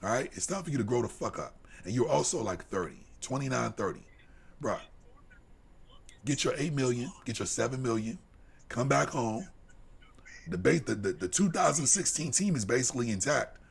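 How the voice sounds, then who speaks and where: A man co-hosting a live sports podcast, delivering a heated, profane rant that drops to low mutters and climbs to shouts. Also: expressive, normal speed, vocal fry, breathy edge. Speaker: podcast co-host.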